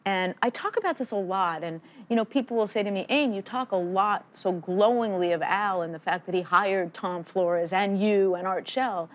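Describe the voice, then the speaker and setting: A woman's voice: medium pitch, normal speed, few pauses. A woman in her sixties, an interview guest telling stories emphatically in a strong, not dainty voice. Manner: emphatic, forceful, animated storyteller. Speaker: guest, football analyst. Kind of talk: conversational interview storytelling. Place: studio.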